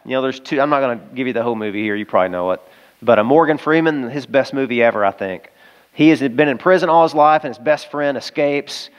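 A man preaching a sermon as pastor, talking casually with the congregation and slowing down to read scripture aloud. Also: fairly high pitch, lo-fi sound. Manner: conversational, asides to the congregation; slows down when reading scripture aloud. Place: church service in a school auditorium.

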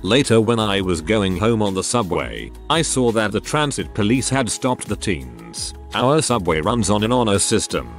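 A man reading reddit stories aloud in an even storytelling manner. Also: fairly low pitch, normal speed, hardly any pauses. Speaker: narrator. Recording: faint background music.

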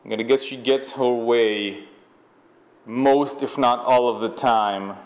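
A man's voice: medium pitch, steady tone, slow, smooth. A man doing sardonic commentary over a video clip, loose and chuckling.

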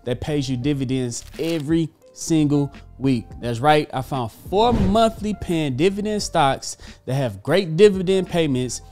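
A man hosting a casual finance video, upbeat and energetic with offhand asides. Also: on the high side, unhurried, few pauses. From Texas. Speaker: host. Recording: faint background music.

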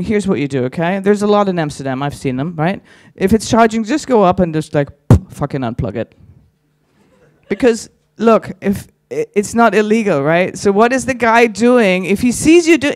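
A man's voice: sits high, lively intonation, moderate pace, dry recording, clean studio sound. A man doing stand-up on a conference stage, teasing the audience with crude, chatty crowd work. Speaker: stand-up comedian.

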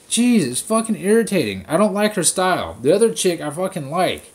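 A man's voice: high voice, sing-song, a little fast, hardly any pauses. A man hosting a podcast, ranting casually with heavy swearing and mocking impressions of people. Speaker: podcast host. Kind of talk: casual profane rant.

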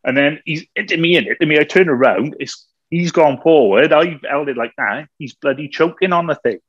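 Man telling a lively story. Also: fairly high pitch, fairly quick, slightly rough, no echo. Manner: lively storyteller, laughs often, acts out quotes. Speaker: podcast co-host. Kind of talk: anecdotal storytelling. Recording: slightly dull, dry recording.

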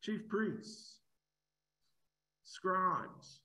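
A man's voice: sits high, very slow, pushed and bright, poor audio. A man preaching an expository sermon, emphatic, asking rhetorical questions and often repeating words as he builds a point.

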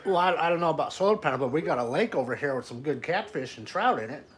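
A man's voice: on the high side, lively intonation, fast, natural voice. A man voicing a folksy old trailer-park fisherman in a prank phone call, drawling and calling the caller son. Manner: drawling, calls everyone son, tells tall tales.

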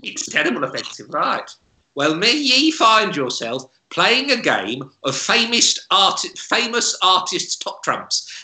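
A man's voice: high voice, pushed and bright, roomy sound, exaggerated voice. A man voicing a cackling old crone woman who hurls silly curses, swinging between cooing and snapping over a video call. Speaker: comedy club co-host. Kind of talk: improvised comic character bit.

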